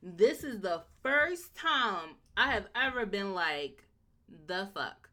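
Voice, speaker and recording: A woman's voice: medium pitch, big pitch swings, slow pace, sharp tone. A woman in casual chat reviewing a show, blunt and emphatic, repeating her points.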